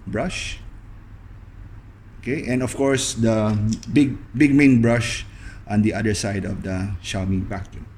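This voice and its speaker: A young man talking through a hands-on cleaning demonstration in a loose, casual way, leaning on a steady stream of "okay" between steps. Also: medium pitch, a little hiss or hum. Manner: loose, fills pauses with frequent "okay". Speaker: video host demonstrating appliance upkeep.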